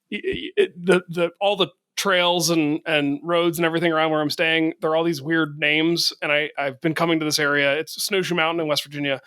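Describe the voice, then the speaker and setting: Man, podcast co-host, higher voice, playful rambling. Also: pushed and bright. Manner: rambling, playful storytelling with laughs. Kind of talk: casual podcast chat.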